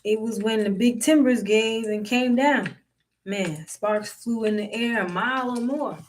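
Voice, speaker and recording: A narrator voicing a sly, calm old male farmhand who delivers bad news in a drawling, sheepish way, speaking slowly. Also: mid-range voice, distant mic, slight background noise, pitched above the performer's own voice, close to an everyday voice. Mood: deadpan.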